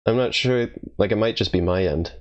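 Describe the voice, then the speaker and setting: Guy with a super low voice, streaming from his room, laughs a lot, stammers a bit. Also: fairly quick, dull audio. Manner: laughs often, stammers with fillers. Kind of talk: casual let's-play chat and reading game text aloud.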